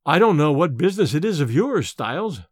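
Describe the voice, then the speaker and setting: A curt young medical student, voiced by a male narrator, lower and slower than the storyteller's telling. He brushes things off in clipped replies. The sound is close and dry. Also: sing-song, dry recording. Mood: curt, skeptical.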